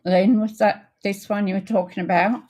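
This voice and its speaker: An older woman hosting a casual card-making livestream, chatting in an unhurried way with many ums and greeting viewers by name. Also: medium pitch, fairly even intonation, dark tone. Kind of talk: casual crafting livestream chat.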